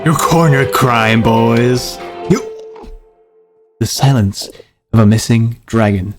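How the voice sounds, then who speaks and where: A man doing a voice-over as a mock detective, with a dramatic, over-the-top noir delivery. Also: medium pitch. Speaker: narrator. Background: music.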